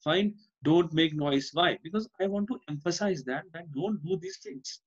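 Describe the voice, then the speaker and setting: A man's voice: a little high, very animated, moderate pace, breathy edge, muffled recording. A male teacher with an Indian English accent, giving an online class and explaining by repeating himself and asking "Fine?". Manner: explains by repetition, often asks "Fine?".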